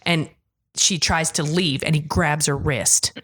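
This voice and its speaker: A woman's voice: sits low, unhurried. A woman co-hosting a podcast, recapping a show in casual chat with swearing and jokes. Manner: profane, jokey, animated storytelling. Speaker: podcast co-host.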